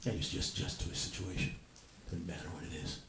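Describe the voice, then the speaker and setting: Profane stand-up comedian in a roomy club. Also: male voice, low-pitched, little pitch movement, fast talker, fairly bright tone, a little hiss or hum. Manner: profane, conversational, teasing the audience. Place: comedy club with live audience. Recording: roomy club with audience laughter.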